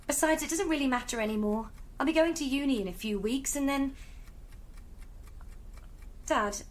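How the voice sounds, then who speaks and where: An actress voicing a young woman, very high voice, anxious, pleading, audio drama. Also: moderate pace, natural voice. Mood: sullen. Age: young adult. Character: frightened young woman, Jenny. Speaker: daughter.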